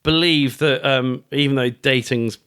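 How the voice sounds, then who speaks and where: A middle-aged British author and fund manager appears as a guest on a casual podcast interview. His medium-pitched voice is clear, resonant, and a bit bright, with a measured pace. He's chatty, swears, and often restarts his sentences.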